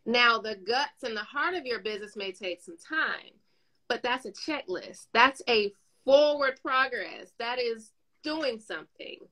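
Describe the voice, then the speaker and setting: A woman chatting casually as a guest speaker, telling animated stories and giving motivational advice. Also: a little high, measured pace, poor audio. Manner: animated storyteller, acts out dialogue, gives advice.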